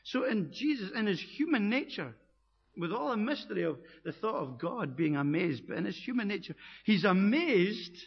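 Male pastor, husky, slightly high voice, sermon delivery, dull recording in a reverberant hall. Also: very animated, fairly quick. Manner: earnest preaching, rising emphatic peaks.

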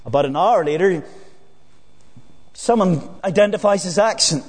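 A man with a high voice preaches an evening sermon, earnest and deliberate, sinking low and slow on his key phrases. His voice rings through a church with a long, lingering reverb. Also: a little mellow.

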